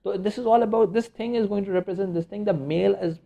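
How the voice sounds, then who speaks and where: Male media teacher, raised pitch, gravelly, loose lecture, dull lo-fi sound. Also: fast. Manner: rambling, many fillers and restarts. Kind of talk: informal recorded lecture. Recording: dull lo-fi recording.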